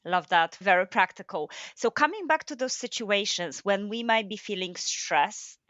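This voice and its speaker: A woman's voice: mid-range voice, expressive, moderate pace, a bit bright, no echo, dull audio. A woman hosting a podcast, affirming her guest and asking thoughtful follow-up questions. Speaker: podcast host. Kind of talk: interviewing a guest.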